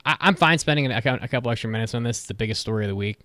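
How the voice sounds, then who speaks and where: A man's voice: medium pitch, racing, a bit bright, no echo, studio quality. A man co-hosting a podcast, chatting casually, blunt and swearing often. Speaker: podcast co-host. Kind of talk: casual chat.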